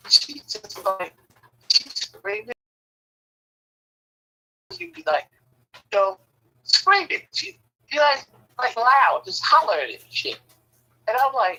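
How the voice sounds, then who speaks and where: A man's voice: high voice, sing-song, measured pace, long pauses, pushed and bright, low-quality recording. A man casually telling stories about his family, swearing freely and acting out the voices of the people in them. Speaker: storyteller. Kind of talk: casual storytelling.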